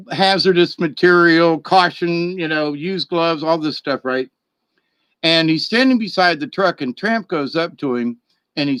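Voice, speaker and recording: A man's voice: a little high, a bit bright, clear, resonant tone, no room sound. A man telling a story in a casual, rambling way, chuckling and repeating words as he goes. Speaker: vlogger.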